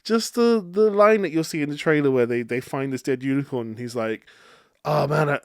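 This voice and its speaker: A man's voice: medium pitch, a little fast, clear, resonant tone, no echo, clean studio sound. A man hosting a casual solo film review podcast, rambling and chatty with many fillers and restarts. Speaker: podcast host reviewing films.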